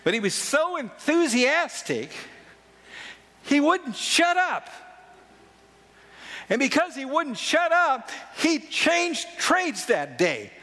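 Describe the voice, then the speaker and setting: A man's voice: very high-pitched, sing-song, takes it slowly, pauses often, bright, forceful tone, long reverb tail. A man preaching a sermon as a pastor, emphatic and repeating phrases for stress.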